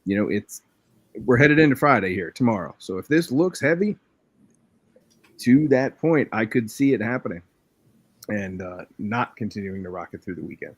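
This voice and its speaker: A man's voice: on the low side, expressive, moderate pace, pauses often, breathy edge, dry recording. A man co-hosting a live trading stream, casually explaining things with plenty of fillers. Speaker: co-host.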